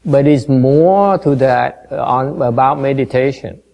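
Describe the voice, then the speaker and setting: A man giving a dharma talk to a meditation class, halting and full of fillers, quizzing and gently teasing his listeners. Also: medium pitch, vocal fry, poor audio. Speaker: meditation teacher.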